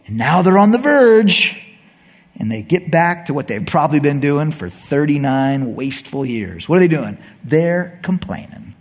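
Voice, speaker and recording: A male pastor preaching a sermon to a congregation in an animated way, acting out the people and God as he goes. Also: a little high, moderate pace, in a large hall.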